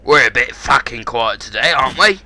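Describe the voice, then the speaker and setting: A young man with an Essex accent chatting over game voice chat, mock-aggressive and swearing, sometimes bursting into shouts. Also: medium pitch, animated, a little fast, no room sound. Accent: Essex English. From Essex, England. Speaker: gaming YouTuber.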